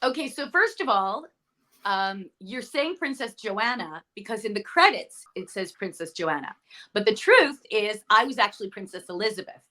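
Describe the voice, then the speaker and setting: A middle-aged actress guest telling stories in a chatty interview, often correcting herself mid-sentence. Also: female voice, mid-range voice, big pitch swings, normal speed, pushed and bright, a little hiss or hum. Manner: chatty, storytelling, self-correcting. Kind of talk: casual interview chat.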